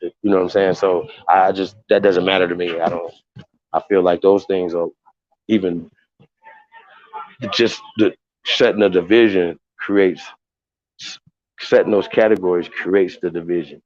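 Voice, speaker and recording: A man's voice: low-pitched, steady tone, unhurried, pauses often, a little mellow. A man hosting a casual livestream, talking to viewers in a heated, profane, rambling way with many restarts. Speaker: livestream host. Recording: dull lo-fi sound.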